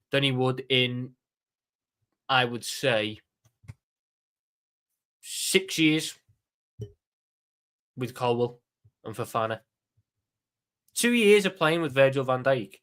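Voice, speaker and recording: A Liverpool man with a Scouse accent hosts a live watchalong stream, chatting in a casual, animated way and often swearing and repeating words. His voice is mid-range and a little bright.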